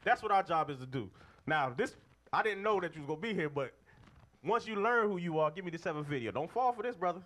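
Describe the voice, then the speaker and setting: High, lively preacher man. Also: quick pace. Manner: emphatic, calls for readings, call-and-response. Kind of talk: street-style sermon to a group of men.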